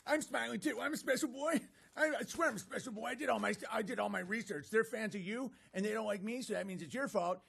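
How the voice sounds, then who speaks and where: A man mimicking a whiny grown man who boasts like a child, pitching his voice up in mockery. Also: quick pace, vocal fry, fairly bright tone, slightly rough, heavily acted.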